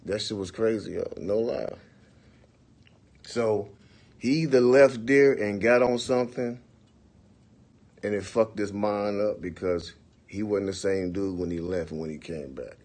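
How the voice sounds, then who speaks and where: A man in his forties telling a long, profane story on a livestream, acting out the quotes in bursts of loud, animated talk. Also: fairly low pitch, unhurried, pauses often. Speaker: livestream host. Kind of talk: casual storytelling.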